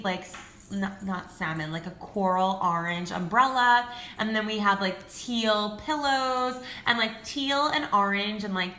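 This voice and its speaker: Gushing, excitable woman in her twenties. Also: medium pitch, roomy sound, a little hiss or hum. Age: 20s. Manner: gushing, excitable, peppered with "like" and swearing. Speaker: vlogger. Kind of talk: casual haul video.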